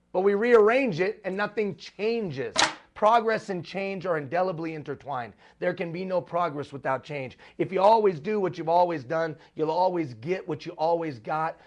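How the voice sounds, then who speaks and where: A man's voice: fairly high pitch, normal speed, hardly any pauses, a little hiss or hum. Emphatic man giving a motivational talk. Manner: emphatic, repeats refrains for rhetorical effect. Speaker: speaker addressing executive leaders.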